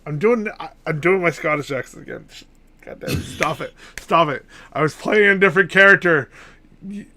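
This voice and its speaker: Bright-voiced man chatting at a game table. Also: on the high side, moderate pace, slight background noise. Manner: self-mocking, rambling. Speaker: player. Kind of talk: casual tabletop game chat.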